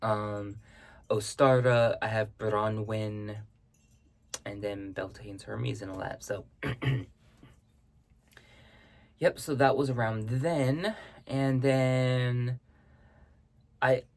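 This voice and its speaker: A man's voice: on the low side, drawn-out words, pauses often, darkish tone. A man chatting casually in a vlog, answering viewer questions on his spiritual practice and often circling back to rephrase himself.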